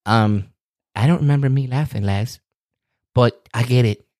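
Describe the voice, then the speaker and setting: A man with a Baltimore accent co-hosts a casual chat. He is animated and joking, and he gets worked up easily. His voice sits at a middle pitch and is recorded close and dry. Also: moderate pace, no room sound. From Maryland. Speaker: podcast co-host.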